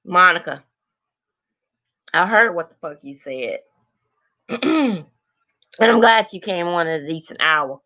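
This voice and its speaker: An older woman with a bright, forceful voice rants bluntly at her livestream chat, swearing heavily. The audio is dull and lo-fi, like a muffled phone stream. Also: on the low side, expressive, takes it slowly, long pauses. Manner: blunt, heavily profane, greets viewers by name. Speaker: livestream host. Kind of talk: angry livestream rant to chat.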